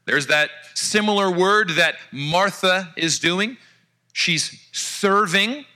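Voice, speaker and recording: A man preaching a sermon, telling an illustration with animated energy and dropping to soft, hushed tones for emphasis. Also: high voice, takes it slowly. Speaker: pastor.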